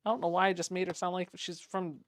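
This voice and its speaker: A woman's voice: fairly low pitch, little pitch movement, quick pace, no echo. A woman sewing vlogger chatting and laughing at herself while she works on a quilt. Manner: chatty, laughing, self-mocking. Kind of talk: casual chat while sewing.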